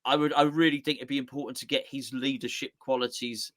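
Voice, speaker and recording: Guy rambling playfully about football, bright forceful tone. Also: mid-range voice, fairly even intonation, fast. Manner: rambling, playful, lots of restarts. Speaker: co-host. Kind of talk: casual football chat.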